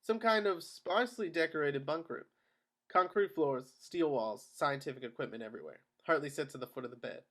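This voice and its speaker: A man narrating the stage directions of a screenplay at a table read in a steady, matter-of-fact way. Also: a little high, fairly quick. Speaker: narrator of action lines.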